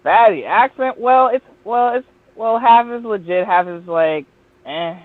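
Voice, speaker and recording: A man on a podcast panel, talking casually in an animated, profane way with frequent restarts. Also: high-pitched, a little slow, no echo. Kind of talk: casual chat. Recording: tinny phone-like line.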